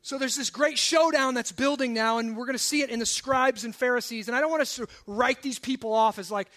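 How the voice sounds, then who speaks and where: Male pastor, very high voice, sermon delivery with loud emphatic runs and quiet asides. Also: brisk. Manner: shifts between forceful emphasis and hushed low asides. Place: church service.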